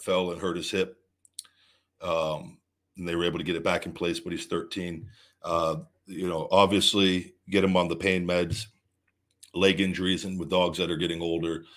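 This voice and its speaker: Middle-aged male host, slightly low-pitched, foul-mouthed and heated, rambling with lots of restarts. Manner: profane, heated ranting that swings to calm, rambling advice; repeats words and restarts often. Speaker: show host answering viewer questions. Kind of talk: unscripted livestream chat.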